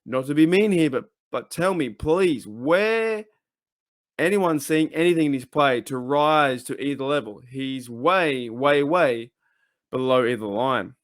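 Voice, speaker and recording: A man's voice: mid-range voice, animated, a little slow, no echo, studio quality. Emphatic, frustrated male sports fan. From Australia. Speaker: fan channel host. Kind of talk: casual ranting commentary.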